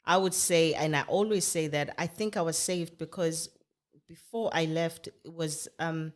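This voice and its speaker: South african lady, zulu first language, really low voice, animated storyteller, keeps saying yes yes on a chat podcast. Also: measured pace. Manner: animated storyteller, laughs often, emphatic agreement. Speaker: podcast co-host. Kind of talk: casual chat. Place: podcast recording in Britain.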